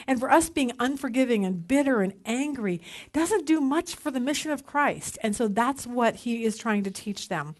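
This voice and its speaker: Animated woman teaching a Bible study. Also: high voice, moderate pace. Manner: animated storytelling, acting out quoted voices. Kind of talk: casual teaching talk.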